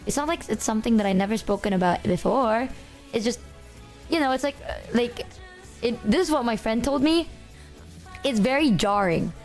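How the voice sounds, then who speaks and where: A woman's voice: on the high side, lively intonation, normal speed, pauses often, soft background music. Breezy, giggly woman streamer. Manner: breezy, matter-of-fact, giggly. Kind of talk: casual chat.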